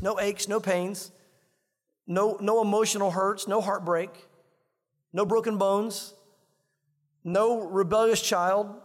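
A man's voice: high voice, in a large hall. A man preaching a sermon as pastor, in an earnest, conversational way, repeating himself as he reads and explains scripture.

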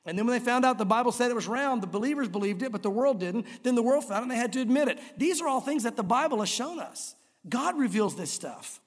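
A man's voice: very high voice, fast. A man preaching a sermon as a pastor, telling stories and acting out voices. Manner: animated storytelling, acts out voices. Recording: long reverb of a large hall.

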